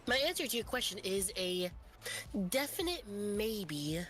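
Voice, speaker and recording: A woman guest on a game stream, rambling through goofy stories and quick asides. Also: mid-range voice, big pitch swings, fairly bright tone, faint music behind. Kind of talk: casual chat while gaming.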